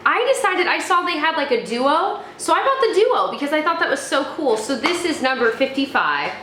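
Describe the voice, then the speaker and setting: A woman's voice: high voice, very animated, moderate pace, sharp tone. A young woman reviewing beauty products in a casual chat, rambling with fillers and restarts. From United States. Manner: chatty, many fillers and restarts. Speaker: beauty vlogger. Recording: echoey room, faint background noise.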